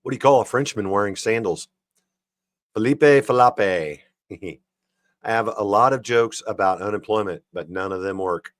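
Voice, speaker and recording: A man hosts a livestream, reading jokes one after another and adding his own chuckling remarks. His voice sits on the low side. The sound is dry and close, with no room echo. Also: a little fast, fairly bright tone. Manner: reads jokes then chuckles and comments on them. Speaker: livestream host.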